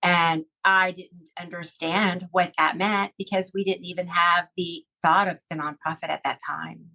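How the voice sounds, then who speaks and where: A woman's voice: on the low side, fairly even intonation, measured pace, creaky, sharp tone, rough recording. A middle-aged woman telling a personal story in a podcast interview, heartfelt and rambling, with many fillers and restarts. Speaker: guest.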